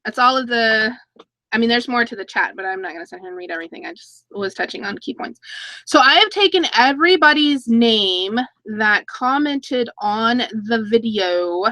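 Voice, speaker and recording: A chatty woman in her thirties hosts a casual live stream, reading viewer comments aloud and laughing as she talks. Her voice is bright and clear, sitting slightly high, and the sound is close and dry with no room echo. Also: lively intonation, moderate pace. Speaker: YouTube channel host.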